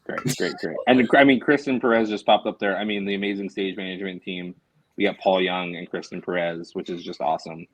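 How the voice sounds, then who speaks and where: A man's voice: low-pitched, steady tone, a little fast, no echo, rough recording. A man chatting enthusiastically on a theater panel, with many fillers. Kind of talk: casual panel chat.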